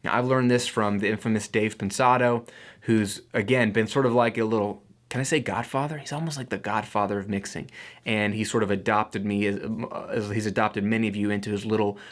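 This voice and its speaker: A man's voice: on the low side, steady tone, brisk. Guy teaching mixing to camera, upbeat and chatty, throws in little jokes. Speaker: audio engineering educator. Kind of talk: casual talking-head lesson.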